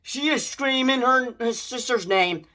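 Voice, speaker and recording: Excitable, rambling young man reviewing a movie. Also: very high voice, a little slow. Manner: rambling, excitable, many restarts and mild swearing. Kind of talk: casual spoiler movie review.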